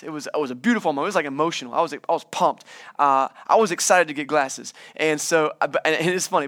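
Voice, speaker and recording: A man with a fairly high voice gives a relaxed, chatty sermon. He slips into little character voices for the people in his stories and laughs at his own asides, keeping things light and conversational. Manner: conversational, acts out quotes in small voices. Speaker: pastor. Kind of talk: casual sermon.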